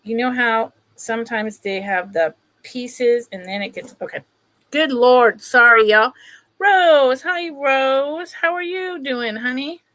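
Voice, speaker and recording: A woman's voice: on the high side, slow, fairly bright tone. A woman hosting a casual live-stream sale, chatting with viewers by name while she shows pieces. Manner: chatty, greets viewers by name, talks while handling items.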